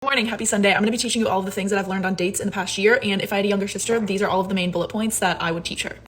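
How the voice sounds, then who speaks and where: A woman's voice: mid-range voice, steady tone, a bit bright, a little hiss or hum. A woman giving sassy, emphatic dating advice in a casual vlog. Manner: sassy, emphatic, quick asides.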